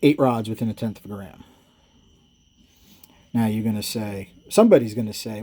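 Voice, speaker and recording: Husky, mellow-voiced man talking engines. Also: on the low side, lively intonation, normal speed, long pauses. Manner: rambling, self-correcting, chuckles often. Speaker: engine builder and host. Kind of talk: casual shop talk and storytelling.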